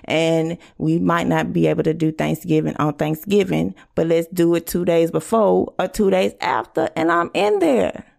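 Woman podcast host, gravelly voice, warm dark tone, blunt and animated. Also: fairly low pitch, normal speed, few pauses. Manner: animated, blunt and profane, acting out quoted exchanges. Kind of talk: casual podcast monologue.

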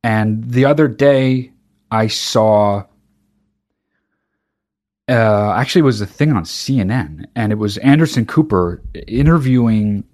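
Lower-pitched man ranting casually. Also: unhurried. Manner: animated, profane ranting with frequent restarts. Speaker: podcast host. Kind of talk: casual monologue.

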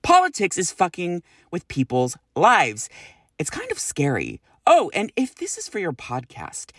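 A woman's voice: on the low side, huge pitch swings, a little slow, dry recording, clean studio sound. A woman hosting a podcast, reading listener messages in a blunt, casual way, swearing freely and sighing in exasperation. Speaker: podcast host.

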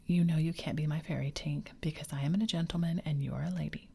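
A woman's voice: low-pitched, fairly even intonation, fast, warm tone, exaggerated voice. A woman whispering the part of a cheerful, boastful boy who never wants to grow up, in a whispered role-play. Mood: gleeful. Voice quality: breathy whisper. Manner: eager, boyish, carefree.

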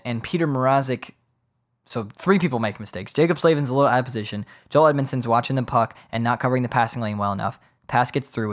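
A man hosting a solo sports podcast, talking off the cuff in a rambling way, correcting himself often and dropping joking asides. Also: lowish voice. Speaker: podcast host.

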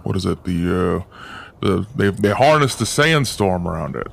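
A man voicing a gruff, folksy male town steward who chews as he talks and rambles on. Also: low-pitched, expressive, moderate pace, pitched below the performer's own voice, full character voice. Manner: drawling, rambling, chewing sounds. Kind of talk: tabletop role-play character voice.

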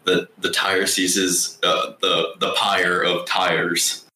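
A man's voice: low voice, level tone, slow, bright, forceful tone, roomy sound, low-quality recording. A man co-hosting a casual movie review podcast, rambling and sardonic, swearing freely. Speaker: podcast co-host.

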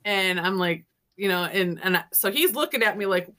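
At normal speed and in a mid-range voice, the guest author recounts ghost stories during an interview, voicing the quoted dialogue of others herself. Her telling is relaxed and lively, punctuated by frequent laughter.

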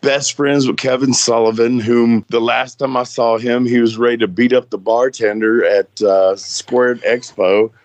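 A man's voice: mid-range voice, steady tone, a little slow, hardly any pauses, no room sound, lo-fi sound. A middle-aged man hosting a podcast interview, friendly and open, laughing often and stumbling over repeated words. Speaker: podcast host. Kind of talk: casual interview chat.

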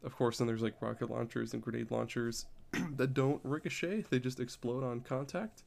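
Guy on a podcast, gravelly voice, pretty flat delivery, keeps repeating himself. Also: medium pitch, normal speed. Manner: rambling, repeats words while explaining. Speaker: podcast co-host. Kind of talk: casual podcast chat.

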